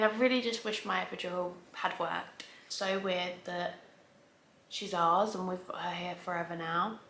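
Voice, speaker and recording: A woman's voice: fairly low pitch, steady tone, moderate pace, fairly bright tone, slight background noise. Chatty woman vlogger in a roomy space. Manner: chatty, rambling, with restarts. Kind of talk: casual storytelling to camera. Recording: roomy echo.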